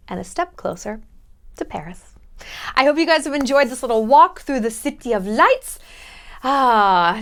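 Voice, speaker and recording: A woman travel vlogger giving casual advice in a blunt, jokey, sometimes profane way. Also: fairly high pitch.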